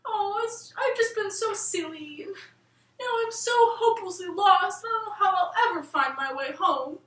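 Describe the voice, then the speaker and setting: A woman voicing a frightened little girl who is lost far from home, speaking in a high, pleading way. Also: lively intonation, normal speed, fairly bright tone. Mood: plaintive. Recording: roomy room, voice set back from the mic.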